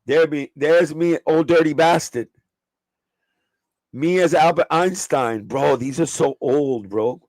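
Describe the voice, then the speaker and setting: A man's voice: on the high side, takes it slowly, darkish tone, dry recording, low-quality recording. A man hosting a casual livestream, chatting in a slangy, profane, easygoing way and laughing often. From New York. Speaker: sneaker livestream host.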